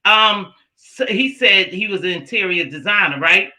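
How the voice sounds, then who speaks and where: Woman livestream host, bright voice, animated casual chat, loud excited bursts. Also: medium pitch, moderate pace, poor audio. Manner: animated, shouting and laughing when excited.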